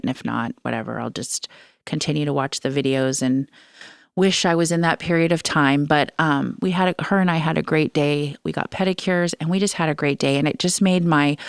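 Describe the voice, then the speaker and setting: A middle-aged woman hosting a solo podcast in a candid, rambling way, often restarting her sentences. Her voice sits fairly low and sounds smooth and clear. It is recorded close and dry, with no room sound. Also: dry recording. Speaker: podcast host. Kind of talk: casual solo podcast talk.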